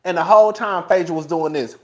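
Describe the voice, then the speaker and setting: A man's voice: sits high, quick pace. A man hosting a casual live-stream commentary, chatty and profane, laughing often and talking straight to his viewers. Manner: animated, profane, laughs often between remarks; chatty, talks straight to viewers as "girl" and "y'all". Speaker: host.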